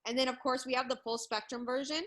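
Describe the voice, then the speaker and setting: A woman in her thirties presents products on a video call in a cheerful, upbeat way, often laughing mid-sentence. Her voice is bright and ringing, pitched a little high. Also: flat delivery, fast talker, low-quality recording. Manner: upbeat, laughs between words.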